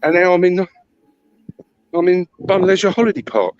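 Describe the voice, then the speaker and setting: Lively, breathless man walking outdoors. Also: high-pitched, dry recording, muffled recording. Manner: rambling, lively, halting. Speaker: stream guest. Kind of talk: casual chat while walking outdoors. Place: outdoors at a holiday park.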